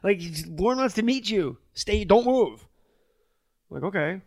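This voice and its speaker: A middle-aged comedian guest from New Jersey tells a long, animated story, acting out the voices of the people in it and swearing freely. His voice is high, slow and creaky, with studio-quality sound and no room echo.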